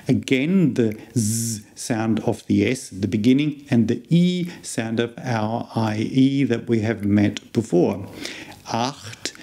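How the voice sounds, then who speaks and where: A man's voice: on the low side, mellow. A man with an Australian accent, a university lecturer giving a beginner language lesson and patiently explaining each sound. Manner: patient, explains sounds step by step and repeats words slowly.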